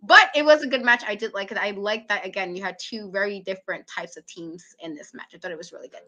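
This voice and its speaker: A woman's voice: medium pitch, quick pace, bright, forceful tone. A woman on a wrestling aftershow panel, talking casually and animatedly, acting out her own reactions. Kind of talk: casual chat.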